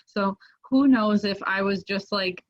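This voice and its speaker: A woman guest on a podcast, telling a story casually with lots of "like" fillers and getting animated as it builds. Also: medium pitch, measured pace, dull audio. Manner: animated, lots of "like" fillers, rises when excited.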